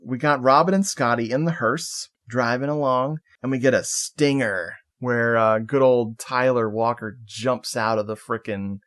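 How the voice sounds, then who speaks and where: A man co-hosting a podcast over a video call, recapping a film in a relaxed, laughing way and slipping into quick quoted voices. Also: medium pitch. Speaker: podcast co-host. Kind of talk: casual movie recap chat.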